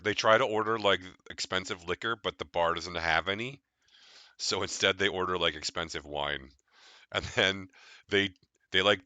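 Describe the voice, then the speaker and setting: Low, bright-voiced male game master. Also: clear, resonant tone, no echo. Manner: casual, profane, laughing. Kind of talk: narrating a tabletop game.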